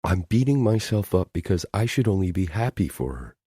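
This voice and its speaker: A man's voice: sits low, big pitch swings, a little mellow, dry recording, studio quality, voice pushed up, full character voice. A man voicing a stubborn young woman in an audiobook, swinging between fierce outbursts and tears. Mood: tearful. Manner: emotional, quick-tempered outbursts. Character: fiery, stubborn young woman, tearful and defiant.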